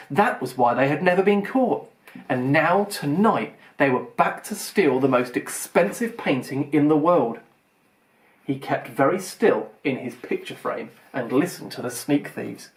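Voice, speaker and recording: A man's voice: fairly high pitch, lively intonation, moderate pace. Man reading a children's audiobook. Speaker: audiobook reader.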